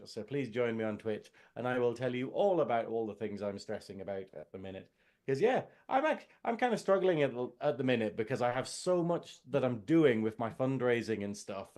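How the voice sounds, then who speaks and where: A man's voice: medium pitch, a little mellow. A man with a Northern English accent co-hosting a casual podcast, chatty and a little rambling. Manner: chatty, laughs often, slightly rambling. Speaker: co-host, science officer.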